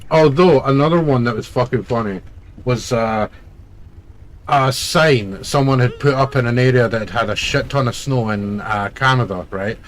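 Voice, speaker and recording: A man's voice: mid-range voice, normal speed, slight background noise. Blunt, sweary man chatting casually. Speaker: let's play co-host. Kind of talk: casual chat over gameplay.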